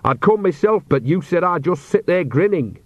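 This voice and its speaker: A man's voice: high voice, lively intonation, moderate pace, dry recording, dull audio, pitched above the performer's own voice. A man reading aloud and voicing a cheerful, bawdy old witch woman with a blunt, teasing manner. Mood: insistent.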